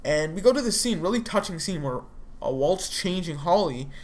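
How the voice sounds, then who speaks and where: Woman recap vlogger, lowish voice, loose and rambling delivery. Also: lively intonation, moderate pace. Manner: rambling, filler-heavy retelling with frequent "like" and restarts. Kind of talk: casual spoken episode recap.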